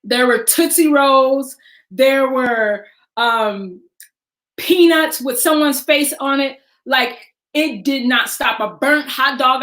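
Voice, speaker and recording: A woman in her forties telling a personal story in a lively way, laughing and acting out the voices of the people she quotes. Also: high-pitched. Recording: echoey room.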